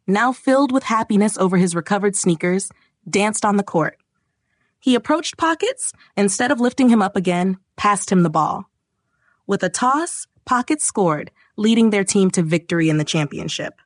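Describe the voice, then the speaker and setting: A woman narrating a children's storybook in a gentle, expressive storytelling manner. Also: medium pitch, normal speed, no echo, studio quality.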